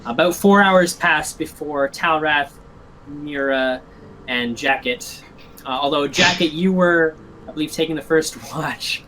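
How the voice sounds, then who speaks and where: A man's voice: on the high side, unhurried, background noise. A man as game master narrating a tabletop game in a casual, filler-heavy way, explaining rules.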